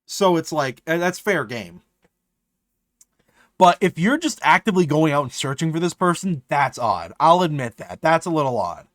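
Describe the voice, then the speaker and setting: A man's voice: a little high, very animated, normal speed, a bit bright, no echo, clean studio sound. A man chatting casually on a live stream, rambling and swearing often, restarting his sentences.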